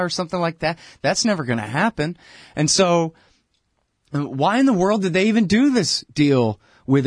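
A man's voice: fairly high pitch, no echo. Male host, casual and crude, wanders off mid-thought, dead-dry studio mic. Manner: blunt, profane, rambling. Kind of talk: casual political talk show. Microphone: headphones and studio mic.

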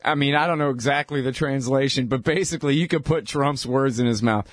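Brief: sardonic man, mid pitch, dry close sound, casual political rant. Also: fairly quick, hardly any pauses, dry recording. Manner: irreverent, sardonic, laughs at his own points; filler-heavy, says dude and man.

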